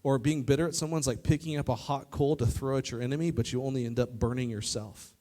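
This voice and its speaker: A man preaching a youth sermon to a live audience, lively and joking, talking straight to the crowd. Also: medium pitch, fast talker. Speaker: youth pastor. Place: church youth service in front of an audience.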